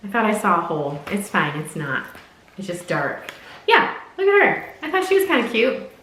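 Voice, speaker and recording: A woman's voice: mid-range voice, wildly swooping pitch, moderate pace, fairly bright tone. A young woman chatting casually as she unboxes clothes for her vlog, bubbly and prone to tangents. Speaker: fashion vlogger. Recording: echoey room.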